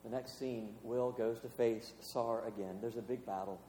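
A man's voice: medium pitch, steady tone, moderate pace, mellow, slight background noise. A man, a pastor, preaching a sermon in a conversational, storytelling way with casual fillers. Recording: echoey hall with long reverb.

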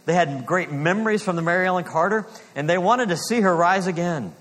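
A man preaching a sermon in earnest, slowing down for emphasis and dropping to a hush on key lines. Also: high-pitched, long reverb tail. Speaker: pastor.

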